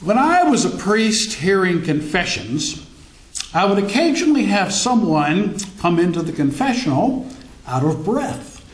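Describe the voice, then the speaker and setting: A man who is a minister, delivering a wry, storytelling sermon while he has a cold. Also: a little slow. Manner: wry, storytelling, lively pitch. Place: church hall. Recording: echoey church hall.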